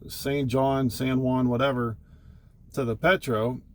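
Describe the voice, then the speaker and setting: Middle-aged trucker man, casual and profane, rambling yarn-teller at a mid pitch. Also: little pitch movement, takes it slowly, slight background noise. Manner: rambling, profane, wry anecdotes. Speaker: truck driver. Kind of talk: casual storytelling.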